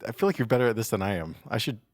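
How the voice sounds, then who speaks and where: Animated, upbeat man hosting a chat. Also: fairly low pitch, racing, no echo, studio quality. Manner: upbeat, joking, lots of fillers and restarts. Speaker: youth pastor and podcast host. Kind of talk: casual chat.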